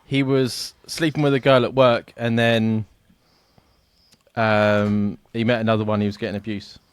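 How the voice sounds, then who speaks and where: A man's voice: on the low side, level tone, normal speed, smooth, no room sound. A man from England co-hosting a podcast, telling stories in casual chat, laughing often and swearing freely. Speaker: podcast co-host.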